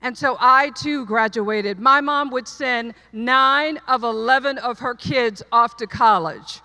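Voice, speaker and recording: A middle-aged woman with a high, bright voice delivers a commencement address in earnest storytelling form, leaning on repeated lines for emphasis. Her words ring out with a long reverb in a large hall. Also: takes it slowly. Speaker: commencement speaker. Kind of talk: commencement speech. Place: large hall, live audience.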